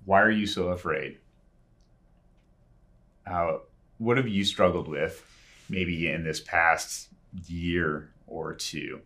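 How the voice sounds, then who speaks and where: A man with a very low, deep voice delivers a sermon. He speaks earnestly and conversationally, pausing often between phrases. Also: fairly even intonation, fairly bright tone. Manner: earnest, conversational preaching with frequent pauses. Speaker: pastor.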